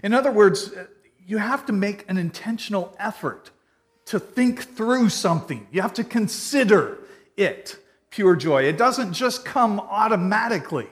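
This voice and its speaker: A man preaching a sermon in an earnest, conversational way, swinging from loud emphasis to quiet. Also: sits high, expressive, measured pace. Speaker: pastor.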